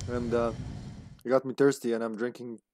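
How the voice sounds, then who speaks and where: A man's voice: medium pitch, level tone, a little slow, music in the background. Male streamer, loose conversational play-by-play, easy laughs. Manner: chatty, rambling, laughs often. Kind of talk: casual gameplay commentary.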